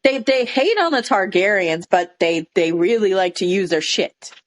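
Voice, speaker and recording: A woman's voice: medium pitch, animated, moderate pace, poor audio. A woman with a Southern US accent co-hosting a podcast, chatting casually and incredulously about a TV show. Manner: laid-back, incredulous, lots of fillers. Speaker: podcast co-host. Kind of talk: casual chat recapping a TV show.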